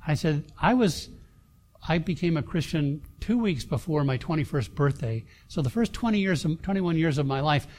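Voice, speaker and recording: Rambling pastor telling a story. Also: male voice, on the high side, animated. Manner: anecdotal, halting with many fillers and restarts. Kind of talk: sermon storytelling.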